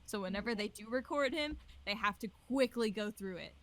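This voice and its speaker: A woman's voice: mid-range voice, a little fast, a bit bright. A woman in a casual podcast chat who shares trivia in an amused, chatty way.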